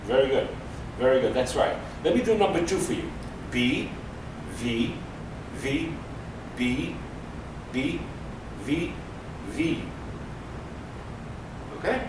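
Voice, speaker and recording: A man's voice: medium pitch, lively intonation, slow, long pauses, noisy background. A man teaching a beginners' Hebrew class, patiently explaining and praising his students. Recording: echoey room, mic far off.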